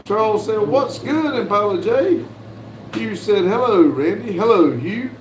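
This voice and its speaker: A man from the United States hosting a casual livestream, reading viewers' messages aloud in a folksy, unhurried way with lots of "uh"s. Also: high voice, expressive, slight background noise. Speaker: livestream host reading chat. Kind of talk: casual live chat. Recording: roomy with faint background ambience.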